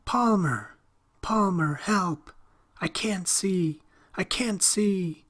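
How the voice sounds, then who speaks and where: A man's voice: on the high side, expressive, unhurried, husky, voice pushed up. A man voicing an eerie young boy with shining eyes, rising to frightened screams. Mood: terrified.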